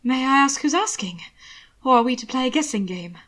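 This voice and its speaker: A woman's voice: sits high, expressive, brisk, fairly bright tone, pitched above the performer's own voice. A woman doing a creepy, unstable young man. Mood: menacing. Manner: breathless, unsettling menace.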